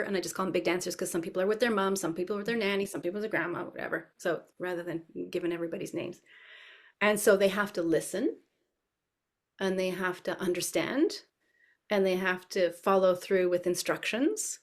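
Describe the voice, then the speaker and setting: A woman's voice: fairly low pitch, a little fast. A middle-aged woman dance educator explaining her teaching with enthusiasm in an interview. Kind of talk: interview answers.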